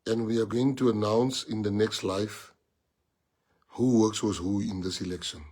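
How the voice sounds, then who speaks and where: A man's voice: lowish voice, steady tone, moderate pace, a little mellow, slightly rough. A middle-aged South African man with a South African accent, leading his party and rallying supporters on a livestream, emphatic and repetitive, dropping in Afrikaans phrases. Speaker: party leader.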